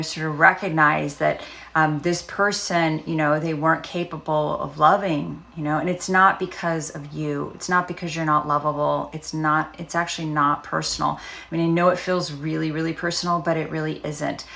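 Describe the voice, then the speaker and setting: A woman speaking as a trauma recovery coach, talking casually and gently with frequent fillers and pauses. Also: low voice, vocal fry. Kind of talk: casual self-help talk.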